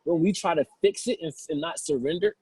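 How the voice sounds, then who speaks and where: A man leads a spiritual seminar with a husky, breathy voice and a fairly high pitch for a man. He preaches in a casual, colloquial way and acts out the voices he quotes. The sound is dry and close. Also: fairly quick, mellow, no echo, poor audio. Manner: impassioned, acting out quoted voices. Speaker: spiritual teacher giving a seminar.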